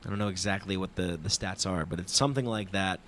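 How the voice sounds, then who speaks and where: A man hosting a podcast, telling a travel story in a casual, animated and profane monologue that mocks himself. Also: low voice, fast talker, slight background noise. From New York. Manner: profane, animated, self-mocking retelling.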